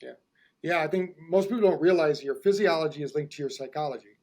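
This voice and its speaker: A middle-aged man with a high voice hosts a casual podcast chat. He explains with enthusiasm, running one thought into the next. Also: fast talker, darkish tone. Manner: enthusiastic, explanatory, talks in long run-on thoughts. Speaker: host, hypnotherapist.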